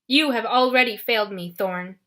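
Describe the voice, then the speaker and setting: A woman voicing a brutal, commanding male general in an audiobook, booming and growling sternly. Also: normal speed, bright, forceful tone.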